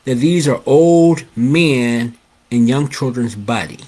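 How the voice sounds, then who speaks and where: A man voicing a stern female schoolteacher in his story, scolding in a husky voice. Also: medium pitch, animated, slow, mellow.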